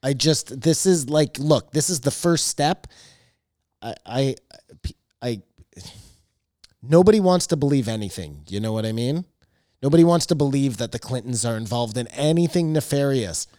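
A man's voice: medium pitch, animated, normal speed, long pauses, warm tone, no echo, studio quality. A man co-hosting a podcast, talking in a heated, emphatic way and swearing often as he rants. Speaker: podcast co-host. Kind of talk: heated casual chat.

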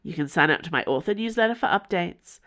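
A woman's voice: fairly low pitch, animated, fast, a bit bright. A woman author from Tasmania, reading her fiction aloud as podcast narrator. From Tasmania, Australia.

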